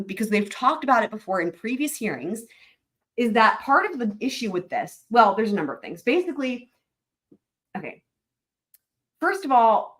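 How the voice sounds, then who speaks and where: Woman livestream host, chatty explainer, reads filings aloud, mid-pitched, asides to chat. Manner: chatty, with many fillers and asides to viewers. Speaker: host of a legal commentary livestream. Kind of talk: casual livestream commentary reading court filings.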